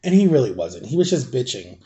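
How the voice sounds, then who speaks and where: Rambling, throat-clearing man with a mellow voice. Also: mid-range voice, sing-song, brisk. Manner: chatty, swears casually. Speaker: vlogger. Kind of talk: casual storytime vlog.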